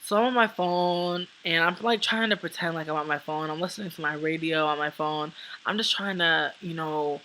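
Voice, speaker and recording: Bright-voiced woman telling a profane storytime. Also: deep voice, moderate pace, slight background noise, low-quality recording. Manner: profane, animated, acts out what people said. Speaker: vlogger. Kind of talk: casual storytime monologue.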